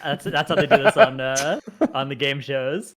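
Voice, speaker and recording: A man's voice: medium pitch, lively intonation, moderate pace, a bit bright. A man playing in a casual podcast quiz, with dry, wry remarks. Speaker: quiz contestant.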